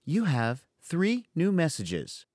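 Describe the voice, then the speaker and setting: A robotic female voicemail voice from a phone, pitched well up and announcing messages in a slow, mechanical way, as a male narrator puts her on. The recording is dry and close. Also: huge pitch swings, a little mellow, dry recording, exaggerated voice.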